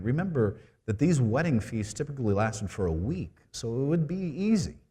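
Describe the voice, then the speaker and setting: A man's voice: mid-range voice, warm tone. Conversational male preacher. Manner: conversational, rhetorical questions. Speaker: preaching minister. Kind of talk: sermon.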